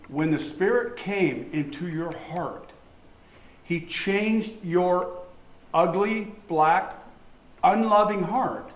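A male pastor delivers a sermon in a lively preaching manner, tossing rhetorical questions at his listeners. His voice sits slightly high for a man. The sound carries the reverberant echo of a large room. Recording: echoey room.

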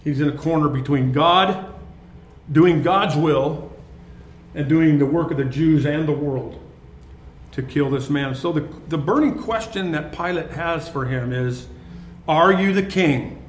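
A man reading a Bible passage aloud and stopping to explain it to a study group, with pauses and restarts. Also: fairly high pitch. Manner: reads scripture then explains it with pauses and restarts. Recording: echoey room.

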